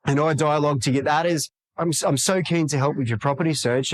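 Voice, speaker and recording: A man's voice: fairly high pitch, fast, hardly any pauses, no room sound, poor audio. A man in a podcast interview, talking energetically and acting out quoted dialogue in other voices. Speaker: real estate agent guest.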